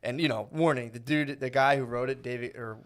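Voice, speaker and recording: A man in his thirties co-hosting a podcast, telling a long story in loose, casual banter. He swears freely and slips into quick put-on voices for the people in his anecdote. His voice sits at an ordinary middle pitch for a man. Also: steady tone. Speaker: podcast co-host.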